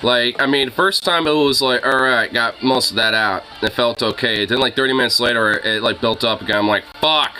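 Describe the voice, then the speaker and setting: A man's voice: medium pitch, moderate pace, hardly any pauses, sharp tone, faint music behind, low-quality recording. A young man chatting casually with his viewers, rambling with lots of fillers and swearing. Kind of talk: casual chat.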